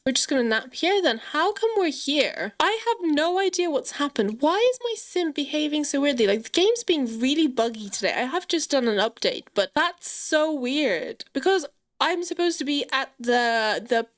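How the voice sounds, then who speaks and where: A woman with a fairly high voice commentates casually on her gameplay. She chats to the viewer and scolds her characters, exclaiming often and sometimes dropping to a whisper. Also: expressive, measured pace. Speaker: gaming channel host.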